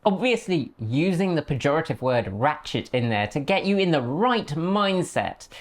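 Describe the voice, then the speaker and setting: Woman, low voice, lively swinging intonation, sarcastic commentary host, dry mockery. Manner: sarcastic, dryly mocking. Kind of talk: commentary video.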